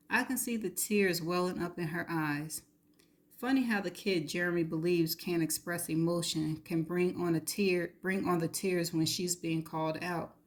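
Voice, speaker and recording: A woman's voice: on the low side, normal speed. Woman reading a novel aloud. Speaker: reader.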